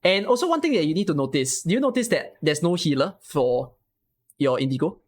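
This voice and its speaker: A man talks through a strategy game, his pitch rising and falling in a very animated way. He keeps checking in with quick rhetorical questions as he coaches a viewer step by step. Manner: explains patiently with many rhetorical questions.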